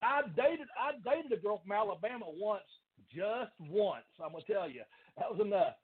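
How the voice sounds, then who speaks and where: A man telling animated wrestling stories in casual chat, laughing often. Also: high voice, moderate pace, husky. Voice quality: country accent. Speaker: guest, former pro wrestler. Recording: phone-like line with faint noise.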